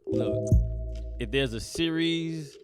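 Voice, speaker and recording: A man's voice: on the high side, slow pace, over loud music. A man, a comedian hosting his own podcast, talks in a rambling, profane solo monologue that keeps breaking off and restarting. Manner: rambling, profane, self-interrupting.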